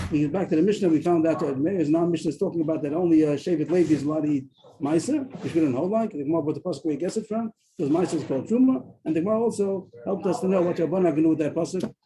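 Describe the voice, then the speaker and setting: A man teaching a daily Talmud class over a video call, explaining quickly and often restarting his sentences. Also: fairly high pitch, dark tone, a little hiss or hum, poor audio.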